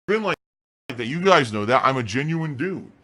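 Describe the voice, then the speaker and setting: A man talking insistently in his own defense, firm and dismissive. His voice has a bright, forceful edge. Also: medium pitch, very animated, moderate pace. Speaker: streamer.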